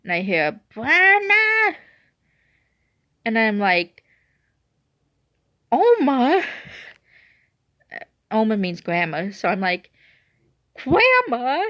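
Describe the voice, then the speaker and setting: A woman's voice: fairly low pitch, normal speed, hardly any pauses, fairly bright tone, clean tone, no room sound. Twenty-something woman rambling through a storytime, keeps correcting herself, dull lo-fi mic. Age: 20s. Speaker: vlogger. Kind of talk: casual storytime. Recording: dry, dull lo-fi recording.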